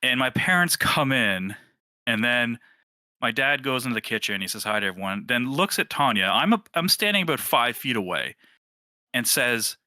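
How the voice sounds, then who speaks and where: A man in his thirties casually telling a lively story and acting out the quoted voices. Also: medium pitch, moderate pace, no echo. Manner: animated, acts out quoted voices. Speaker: team member sharing a memory.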